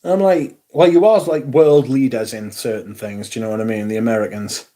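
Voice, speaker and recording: A man's voice: on the low side, fairly quick, mellow. Middle-aged man, livestream host, sweary and rambling. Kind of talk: casual livestream chat.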